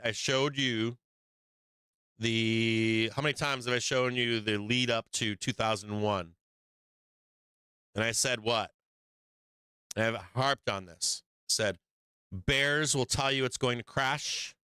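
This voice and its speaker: A man's voice: mid-range voice, steady tone, slow pace, long pauses, sharp tone, clear, resonant tone, no echo. A man hosting a live stock market show, talking bluntly and profanely, hammering points through repetition. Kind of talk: livestream market commentary.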